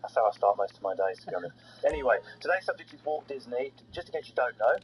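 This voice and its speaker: A man hosts a comedy podcast at a brisk, teasing clip. His pitch sits in an ordinary middle range, and it jumps up whenever he lands a sarcastic punchline. A faint hiss runs underneath. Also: lively intonation, rough recording. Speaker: podcast host.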